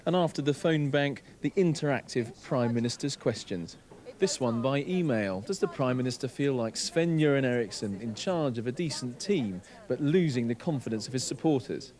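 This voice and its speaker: A man's voice: medium pitch, expressive, normal speed, darkish tone. A man reporting political news in a scripted, slightly wry way.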